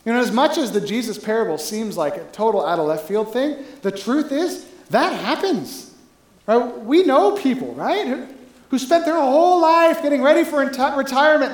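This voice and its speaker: A pastor preaching a sermon in a relaxed, conversational way, often checking in with the listeners. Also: high-pitched, roomy sound, poor audio.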